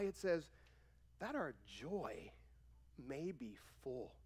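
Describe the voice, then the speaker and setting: A pastor preaches to his congregation in a relaxed, conversational way, often putting on the voices of the people he quotes. His voice sits high for a man and swoops up and down with lively energy. He asks the room questions as he goes. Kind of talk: sermon. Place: church sanctuary.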